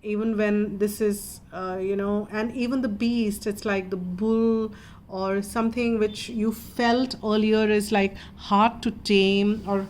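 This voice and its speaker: A woman giving a calm, meandering spiritual tarot reading in a gentle, reassuring way. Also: medium pitch, slow pace, slight background noise. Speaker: tarot reader.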